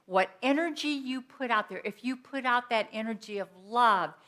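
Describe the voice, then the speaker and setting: Woman speaker, fairly high and bright, chatty sermon with personal stories in a church. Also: moderate pace. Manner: conversational, telling personal stories. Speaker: speaker at a Sunday church service. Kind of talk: inspirational sermon. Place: church sanctuary.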